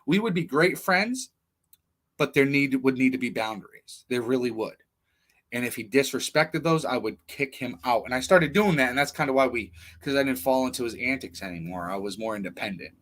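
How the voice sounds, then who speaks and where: A man's voice: mid-range voice, a bit bright. Guy ranting on his stream, swears a lot, rambles, blunt and loose. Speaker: livestream host. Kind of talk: casual personal monologue.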